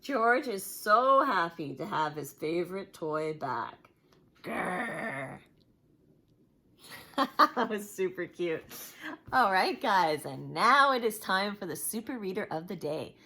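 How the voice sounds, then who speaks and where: A woman reading a picture book aloud to young children, as a teacher would, with an expressive storytelling manner. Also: mid-range voice, unhurried.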